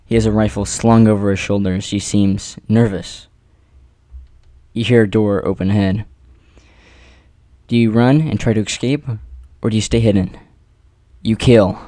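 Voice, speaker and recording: A man narrating an adventure story in the second person, with theatrical pauses and rhetorical questions. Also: fairly low pitch, fairly even intonation, dark tone, no room sound. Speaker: narrator reading an AI-written adventure.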